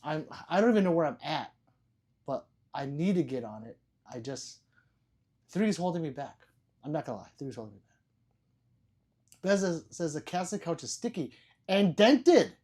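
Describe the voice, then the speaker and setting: A man's voice: a little high, darkish tone, slightly rough. A man hosting a casual livestream, reading viewers' chat messages aloud, joking, laughing and swearing freely. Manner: loose and profane. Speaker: livestream host.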